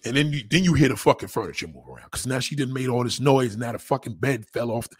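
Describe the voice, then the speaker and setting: A man's voice: mid-range voice, lively intonation, fast, breathy edge. A man hosting a livestream, ranting crudely and brashly to his chat and sliding into mocking voices. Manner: brash, profane, lapses into mock voices. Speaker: livestream host.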